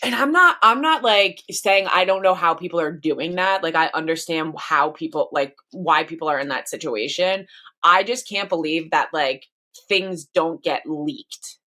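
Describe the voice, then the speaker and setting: Woman podcast co-host, pregnant, casual rambling chat, slightly low voice. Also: moderate pace, bright, forceful tone. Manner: chatty, rambling with many restarts and fillers.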